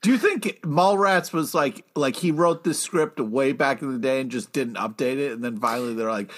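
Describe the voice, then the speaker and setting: A man's voice: mid-range voice, normal speed, hardly any pauses. A man co-hosting a casual comic book podcast, laid-back and teasing his co-hosts. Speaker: podcast co-host.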